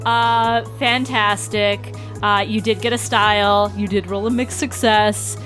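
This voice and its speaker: A woman acting as game master, explaining the results of rolls in a deliberate, amused manner. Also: mid-range voice, steady tone, fairly bright tone, faint music behind. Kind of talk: running a tabletop game.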